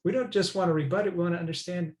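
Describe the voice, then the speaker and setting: A man's voice: high-pitched, fairly even intonation, rapid-fire, a little mellow. Earnest man in an echoey room. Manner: earnest, emphatic, many "right?" tags. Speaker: podcast guest. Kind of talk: conversational interview.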